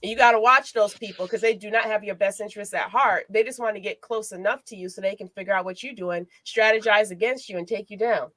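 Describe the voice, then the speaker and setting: A woman hosting a podcast as a life coach, telling personal stories in an expressive, motivational way. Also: mid-range voice, fast talker, hardly any pauses, no room sound. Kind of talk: casual podcast chat.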